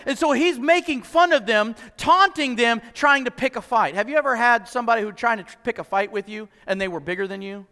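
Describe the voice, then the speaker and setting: A male pastor with a very high, bright, forceful voice preaches an animated sermon. He acts out quotes and stumbles over repeated words as he restarts. His voice carries a long reverb, as in a church hall. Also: brisk, few pauses.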